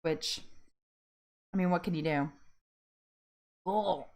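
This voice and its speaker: A woman's voice: fairly low pitch, slow, a little mellow. A young woman hosting a casual live-stream chat, greeting viewers and laughing often in an upbeat way. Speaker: host of a live weight loss support chat.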